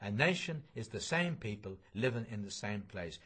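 A man's voice: on the low side, animated, moderate pace, fairly bright tone, breathy edge. A man reading the part of an earnest middle-aged man who pleads against hatred, stressing words one by one. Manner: insistent, listing words one by one.

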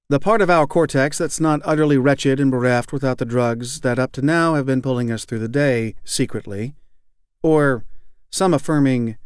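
A man reading a novel aloud as audiobook narrator, in a measured, wry, even delivery. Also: medium pitch, no echo, clean studio sound.

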